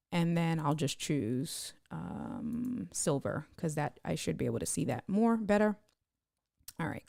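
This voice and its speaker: A woman with a low, gravelly voice walks through streaming software in a loose live-stream tutorial. She thinks aloud as she works and drops in greetings to her viewers. The sound is close and dry, with no room echo. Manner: chatty, thinks aloud while clicking, greets viewers by name.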